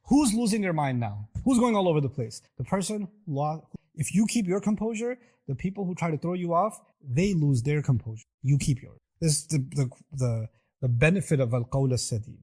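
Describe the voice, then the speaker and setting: A middle-aged man delivers a sermon in a fairly high voice. He keeps asking his listeners rhetorical questions and slips into other people's voices to act out their words. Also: expressive, fairly quick, darkish tone, husky. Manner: acts out quoted voices, rhetorical questions to the audience. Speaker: preacher.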